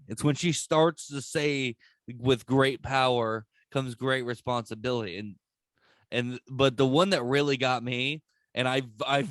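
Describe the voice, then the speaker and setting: A young man hosting a podcast in casual chat, excitable and profane, rambling with lots of restarts. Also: mid-range voice, no room sound.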